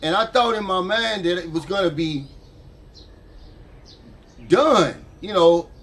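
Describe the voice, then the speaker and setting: An older American man vlogs to camera in a casual but heated way, sounding frustrated. His voice is high-pitched and fairly bright, and he speaks slowly.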